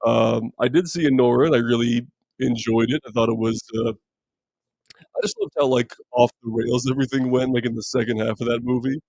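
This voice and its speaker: Answering viewer comments on a live movie stream, this man speaks at a normal speed in a naturally deep, creaky voice whose pitch sits mid-range for a man. He's relaxed and rambling, with lots of fillers and restarts, recorded dry and close on a streaming mic with no room echo.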